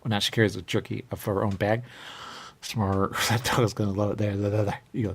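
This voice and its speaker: Gravelly low-voiced man rambling. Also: flat delivery, brisk. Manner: rambling, repeats "there you go", jumps into silly voices. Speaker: radio show host. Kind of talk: rambling comic chat.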